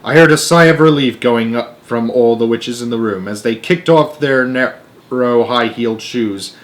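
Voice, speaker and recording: A young man reads a children's book aloud in a middle-pitched voice. He is expressive and lively about it and stumbles now and then, catching himself with quick restarts. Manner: expressive, with small slips and restarts. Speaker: storyteller.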